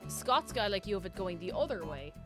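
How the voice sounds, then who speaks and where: A woman's voice: mid-range voice, very animated, a little fast, over music. Chatty Irish woman streaming a game. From Ireland. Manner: chatty, scatterbrained, talks to chat. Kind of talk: casual gaming stream chat.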